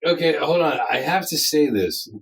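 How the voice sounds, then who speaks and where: A man's voice: on the high side, animated, moderate pace, vocal fry, far from the mic. A man co-hosting a film review podcast, chatting in an easygoing, agreeable way. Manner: easygoing, agreeable back-and-forth with fillers. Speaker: podcast co-host. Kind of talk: casual film review chat.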